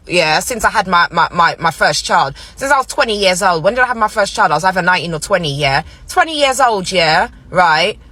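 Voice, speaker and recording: A stressed woman vents bluntly to her followers, swearing and repeating her points. Her voice is husky, and it sits at an ordinary middle pitch. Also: bright, forceful tone, dry recording. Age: 40s. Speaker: vlogger. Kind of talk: casual ranting to followers.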